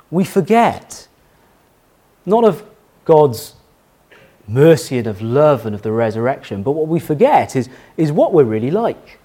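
A man's voice: sits high, a little mellow. A middle-aged man preaching a sermon as pastor, telling a family story and repeating key phrases for emphasis.

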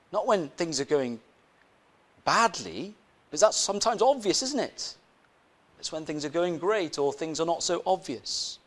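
Lively, conversational male preacher. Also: a little high. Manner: conversational, asks the congregation rhetorical questions, repeats phrases. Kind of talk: sermon with personal story.

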